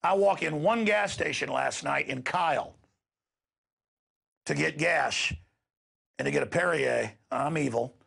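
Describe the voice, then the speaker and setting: A man's voice: a little high, a little slow, gravelly, long pauses, a bit bright, slightly rough. A middle-aged man, hosting a show and delivering an impassioned, emphatic rant to his listeners. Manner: ranting, emphatic, repeats words when worked up. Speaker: radio show host.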